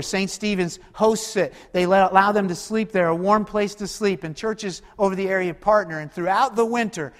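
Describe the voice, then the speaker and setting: A man preaching a sermon as pastor, conversational and lively, with quick asides and call-and-response to the congregation. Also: high-pitched, in a large hall.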